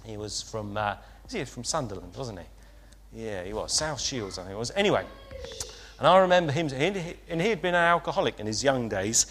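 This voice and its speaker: A man's voice: medium pitch, expressive, brisk, fairly bright tone. A man preaching an informal sermon, chatty and hesitant, with frequent fillers and restarts. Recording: long hall reverb.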